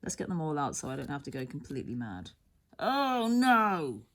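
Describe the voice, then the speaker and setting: With a deep voice, big swings in pitch and a moderate pace, a woman reads tarot cards. She rambles and ponders aloud, often interrupting herself, and now and then goes almost to a whisper.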